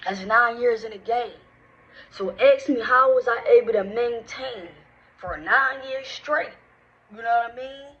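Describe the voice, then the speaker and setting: A woman's voice: fairly high pitch, a little slow, a bit bright. A woman in her thirties, a credit management business owner, giving a casual motivational talk with direct, slangy, emphatic speech that repeats points for emphasis. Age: 30s. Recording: slightly dull sound with faint noise.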